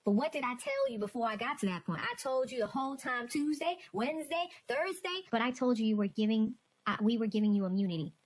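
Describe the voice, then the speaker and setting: A woman's voice: on the high side, very animated, fast, few pauses. A woman prosecutor speaking firmly to a witness in a courtroom exchange, repeating her points with insistence.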